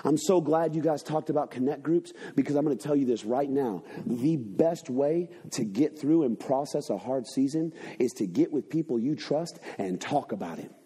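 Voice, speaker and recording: In a church sanctuary, a pastor preaches to his congregation, shifting between loud, urgent stretches and low, hushed ones and using call-and-response phrases. He speaks at a normal speed with few pauses and a breathy edge to his voice.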